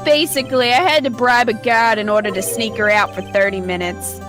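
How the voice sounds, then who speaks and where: A woman reading as a gruff broke male detective. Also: on the high side, fairly even intonation, a little fast, natural voice. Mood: grumbling. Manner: reads game dialogue aloud in character. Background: game music.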